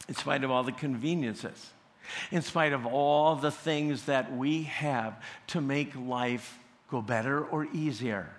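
A male pastor preaching a sermon at a slow, deliberate pace, building to emphatic peaks. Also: mid-range voice. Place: church sanctuary. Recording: long church reverb.

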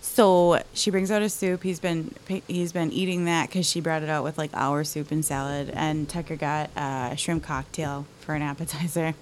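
A woman telling a long casual story in a chatty, animated way with quick asides. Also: sits low, slight background noise.

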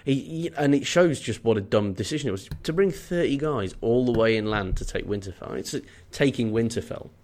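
A man's voice: medium pitch, animated, a little fast, few pauses, darkish tone. A young man co-hosting a casual podcast chat, giving wry, opinionated takes with jokey asides. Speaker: podcast co-host. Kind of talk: casual book discussion.

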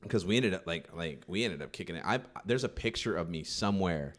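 A man's voice: low-pitched, lively intonation, a little fast, a bit bright. A man in casual chat, telling a rambling, profane story with lots of restarts.

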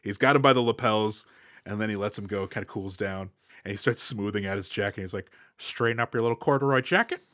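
A man's voice: lowish voice, brisk, no room sound, studio quality. A man co-hosting a casual movie podcast, recapping scenes with playful jokes and asides. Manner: animated, jokey, recaps plot with playful asides. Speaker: podcast co-host.

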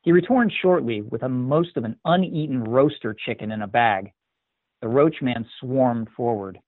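A man reads a scripted story in a measured, even voice of middle pitch. The recording is thin and tinny, like a phone line, with no room echo. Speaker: story reader. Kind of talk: scripted narration. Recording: tinny dry phone-like sound.

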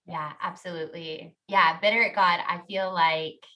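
A woman with a bright, forceful tone and a lowish voice tells a candid faith story. She is earnest and animated, and she laughs easily as she talks. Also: moderate pace. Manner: earnest and animated, heavy use of "like", laughs often. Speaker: podcast guest.

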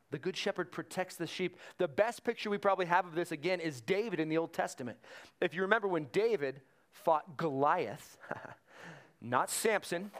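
Male pastor, slightly high voice, easygoing sermon delivery with lively storytelling. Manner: conversational preaching, animated retelling of stories.

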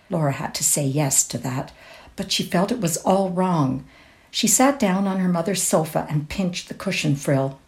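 Woman reading a short story in a low voice. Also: creaky. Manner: measured, expressive. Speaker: reader.

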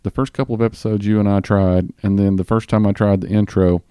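A man with a Southern US accent hosting a podcast in casual chat, rambling with fillers and restarts and talking a bit fast. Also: fairly low pitch, flat delivery, dark tone, clear, resonant tone, no room sound, studio quality. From Southern US (Tennessee). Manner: talks a bit fast on mic. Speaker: podcast host.

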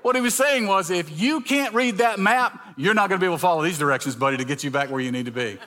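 A middle-aged man preaches, weaving in personal stories. His bright, forceful voice sits a little high, and he drops into other voices to act out the people in his tales. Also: fast. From Mississippi. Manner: storytelling, animated, acts out dialogue with voice changes. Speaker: pastor.

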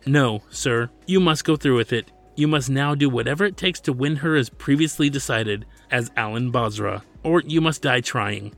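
A man's voice: mid-range voice, moderate pace, gravelly, few pauses, a bit bright, faint music behind, voice pushed up. A man voicing a stern, formal male manager and loyal servant, speaking insistently.

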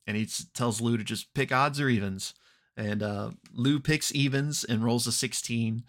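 A man hosting a podcast, casually recapping an actual-play episode with many ums and quick acted-out quotes. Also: medium pitch. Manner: relaxed, unhurried retelling with frequent ums and throat clearing; briefly acts out characters' lines in quoted voices.

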